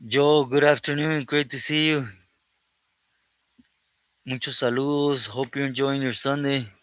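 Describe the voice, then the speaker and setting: A man with a smooth, resonant voice hosts a casual live stream, reading out his chat and greeting each viewer by name. He drifts between English and Spanish and keeps thanking God. The sound is dry and close, with no room echo. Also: medium pitch, steady tone, unhurried, fairly bright tone. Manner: thankful, often praises God. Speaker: livestream host reading chat.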